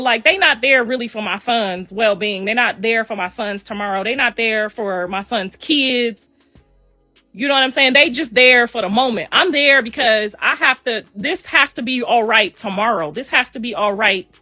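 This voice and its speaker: Middle-aged mom ranting on a livestream, bright sharp voice, pitched a bit high, repeats herself hard, dry sound. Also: female voice, dry recording. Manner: emphatic, repeats phrases. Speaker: mother speaking on a livestream. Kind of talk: casual rant.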